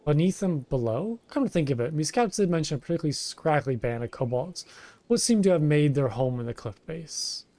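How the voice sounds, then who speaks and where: A man reading as an impatient military commander who scolds in a rough old-sailor dialect. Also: a little high, expressive, brisk, mellow, no room sound.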